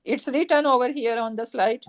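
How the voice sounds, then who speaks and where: A woman's voice: fairly high pitch, normal speed. A woman teaching a grammar class, explaining step by step, repeating key points and checking that students follow.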